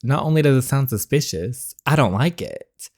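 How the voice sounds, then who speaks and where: A man reading the lines of a sharp-tongued young bride in a story game, in a sassy tone. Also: mid-range voice, animated, moderate pace.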